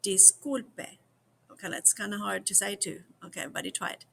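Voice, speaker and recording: A woman from the United States giving a slow repeat-after-me language lesson, drilling each phrase several times for the viewers. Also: mid-range voice, fairly even intonation, vocal fry, pushed and bright, slight background noise. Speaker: language teacher.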